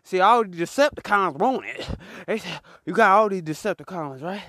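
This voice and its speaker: A man's voice: high-pitched, expressive, moderate pace, fairly bright tone, no room sound. A man delivering a comedic mock sermon on a clip-on mic, with a preacher's rhythm and call-and-response to the listeners, laughing often. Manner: laughs often between lines.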